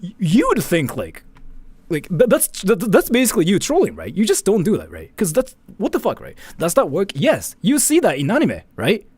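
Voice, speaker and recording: A man's voice: sits high, huge pitch swings, a little fast, a little mellow, husky. A man, chatting casually as a streamer in a rambling, filler-heavy way and swearing freely. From Japan. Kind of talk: casual commentary chat.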